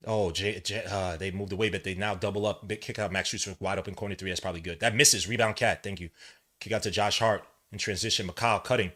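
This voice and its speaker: A man from New York hosting a live watch-along, rambling between casual play-by-play and chat, and shouting when plays excite him. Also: on the low side, quick pace. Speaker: podcast host doing a game watch-along.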